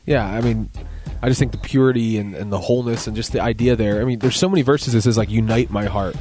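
A man's voice: on the low side, quick pace, mellow, soft background music. A man co-hosting a faith radio show in casual, rambling talk, full of asides and jokes. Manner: rambling, joking, lots of "you know".

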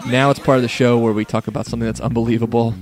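A man's voice: mid-range voice, level tone, rapid-fire, a little mellow. Laid-back man co-hosting a faith talk. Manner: laid-back, rambling, laughs often. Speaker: co-host. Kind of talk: casual podcast chat.

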